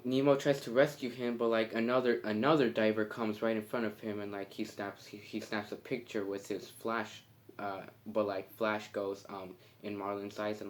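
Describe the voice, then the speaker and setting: A man casually retelling a film's plot, halting and full of fillers and restarts. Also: on the low side, flat delivery. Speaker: movie reviewer.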